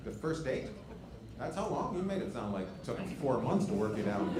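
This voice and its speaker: A male comedian doing crowd work on stage, teasing and profane, dropping to low mutters and then shouting. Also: very animated, fairly quick. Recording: echoey club with loud crowd noise. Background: loud laughing audience.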